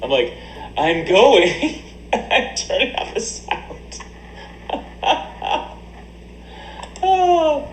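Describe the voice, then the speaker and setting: A man's voice: very high-pitched, huge pitch swings, drawn-out words, pauses often, echoey room, slight background noise, low-quality recording. A man livestreaming and reading chat aloud, joking crudely and laughing often into a desk mic. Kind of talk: casual stream banter. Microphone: desk USB mic.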